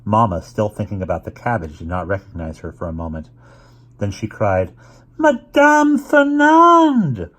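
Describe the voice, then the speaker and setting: A man reading a children's novel aloud, unhurried, with occasional restarts. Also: low voice. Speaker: reader.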